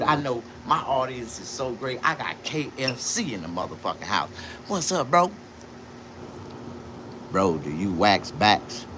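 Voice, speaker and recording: A man talking on a live stream from inside his own shop in a casual, boastful, profane, rambling way, jumping between loud bursts and low mutters. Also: noisy background. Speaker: livestreamer and shop owner.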